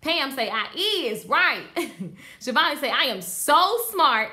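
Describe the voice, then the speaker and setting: A beauty business coach runs a live online class for hairstylists, speaking directly to her viewers with emphatic, animated energy and reading their comments aloud. Her voice is high and her pace slow.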